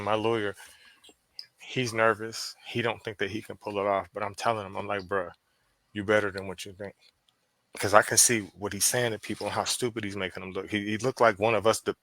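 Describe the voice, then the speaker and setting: Pennsylvania guy swearing thru a story, low voice, punchy, dry mic. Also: brisk, no echo. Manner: profane, animated retelling with quoted dialogue. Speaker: podcast guest. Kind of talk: casual storytelling.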